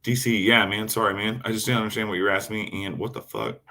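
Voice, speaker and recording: A man's voice: fairly low pitch, fairly even intonation, fast, sharp tone. A man chatting casually on a live stream, swearing constantly as he rambles about his knives and answers chat. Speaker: knifemaker streamer.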